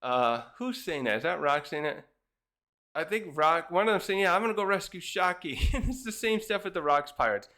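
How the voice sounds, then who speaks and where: A man's voice: on the high side, lively intonation, normal speed, pushed and bright. A man casually reviewing a comic chapter, rambling with many fillers and restarts. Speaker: manga reviewer.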